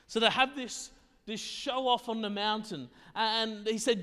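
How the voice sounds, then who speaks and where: Male pastor, high voice, chatty laid-back preaching, long hall echo. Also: fairly even intonation, measured pace, bright, forceful tone, smooth. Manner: casual, conversational, often checks in with "right?". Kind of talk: sermon.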